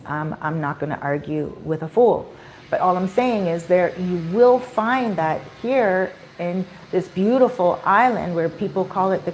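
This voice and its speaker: A woman's voice: fairly low pitch, a little hiss or hum. A woman vlogger chatting casually on a live stream, telling a story with animation and acting out the people in it. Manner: animated storyteller who acts out quoted people.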